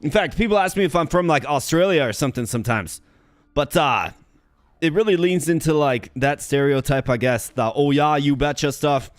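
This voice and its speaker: A man's voice: a little high, animated, moderate pace, no echo, clean studio sound. Chatty upbeat man from Minnesota. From Minnesota, USA. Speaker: gaming channel host. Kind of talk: casual gameplay commentary.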